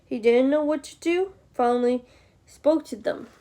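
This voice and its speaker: A woman reading a picture book aloud, slow and with chatty asides to the listener. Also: sits high, dark tone. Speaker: storybook reader.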